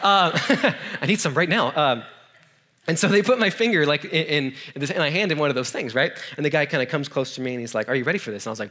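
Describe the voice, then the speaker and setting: A young man preaching to a room, telling a funny personal story in a loose, animated way with lots of fillers. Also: on the high side, fast. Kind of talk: sermon storytelling. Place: room with an audience.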